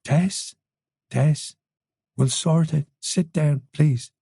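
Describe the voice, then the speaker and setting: A narrator voicing a calm, reasonable Irish police chief who speaks in a soothing way. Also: male voice, fairly high pitch, very slow, vocal fry, husky, no echo, studio quality, pitched above the performer's own voice, heavily acted.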